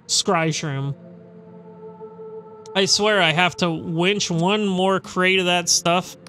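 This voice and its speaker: A man's voice: high-pitched, steady tone, takes it slowly, pushed and bright, a little hiss or hum, full character voice. A man reading out a brusque, weary female harbor guild clerk from a game, grumbling wryly. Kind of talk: reading game dialogue aloud.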